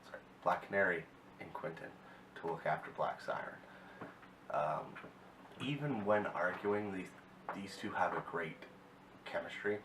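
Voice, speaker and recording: Man, very deep voice, rambling episode recap, keeps correcting himself, roomy echo, mic at a distance. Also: lively intonation, measured pace, pauses often. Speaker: TV episode reviewer. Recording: echoey room, mic set back, faint hiss.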